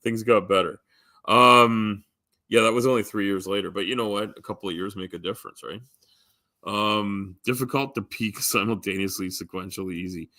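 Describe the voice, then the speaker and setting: A man's voice: lowish voice, fairly even intonation, moderate pace, pushed and bright, no room sound, clean studio sound. A man rambling casually to his live stream chat, full of ums, restarts and offhand swearing.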